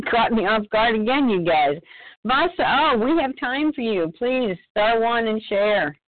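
Higher-voiced woman chairing over the phone. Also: expressive, slow pace, dry recording. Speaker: meeting leader. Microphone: phone call. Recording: tinny phone line.

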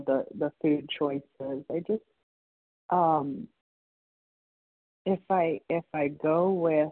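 A woman sharing her story at a support meeting over the phone, in a halting way with many restarts and pauses. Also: deep voice, dry recording. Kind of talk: personal share at a support meeting. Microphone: phone call. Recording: tinny dry phone line.

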